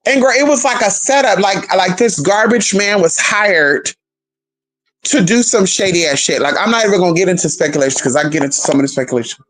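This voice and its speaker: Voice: medium pitch, expressive, quick pace. A vlogger telling a story straight to viewers in casual, profane chat, calling them "y'all" and "girl", with nervous, jumpy asides.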